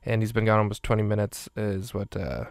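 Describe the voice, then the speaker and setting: A man's voice: lowish voice, level tone, a little fast, creaky, dry recording, clean studio sound. A man casually recapping a movie minute by minute and rating each one, in a rambling way with many fillers. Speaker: movie reviewer.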